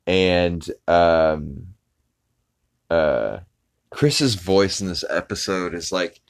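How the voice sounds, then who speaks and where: A man's voice: low voice, drawn-out words, creaky. A man hosting a podcast, casually recapping an episode in a rambling way full of fillers and restarts. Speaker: podcast host.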